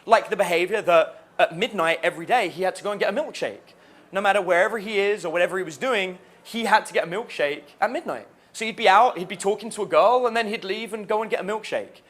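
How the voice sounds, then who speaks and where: A man, a dating coach, telling stories about a student in an animated way, laughing as he goes. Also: high-pitched, fast. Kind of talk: storytelling to camera.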